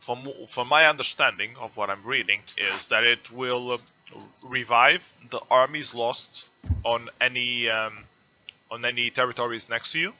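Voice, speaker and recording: A man with a very bright, sharp voice who speaks English as a second language. He hosts a casual gaming chat on an online call, pausing often and thinking aloud as he works through the rules. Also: mid-range voice. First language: not English. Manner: hesitant, thinks aloud while reading rules. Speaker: host.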